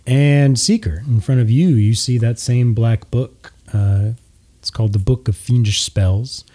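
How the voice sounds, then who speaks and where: Mellow-voiced man running a tabletop game. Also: medium pitch, unhurried. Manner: relaxed, with frequent filler words. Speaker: game master.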